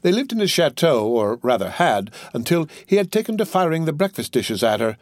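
A man reading a novel aloud as narrator, with expressive, lively storytelling. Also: a little high, fairly quick, no echo, clean studio sound. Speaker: audiobook narrator.

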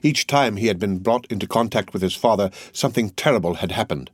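A man narrating a classic novel in a steady, unhurried reading. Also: fairly low pitch, slightly rough, dry recording, studio quality. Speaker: audiobook narrator.

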